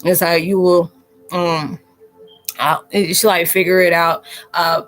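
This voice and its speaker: A woman's voice: fairly low pitch, level tone, takes it slowly, fairly bright tone, faint music behind, rough recording. Rambling, reassuring woman livestreaming. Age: adult. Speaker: livestream host. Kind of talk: casual livestream chat reading viewer comments.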